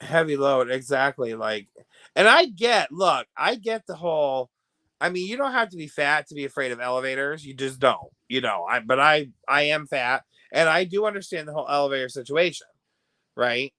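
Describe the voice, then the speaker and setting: Hosting a laid-back livestream, the American man gossips and responds to viewers, laughing a lot and swinging between hushed and loud moments. His voice is medium-pitched and expressive at normal speed, with no room sound.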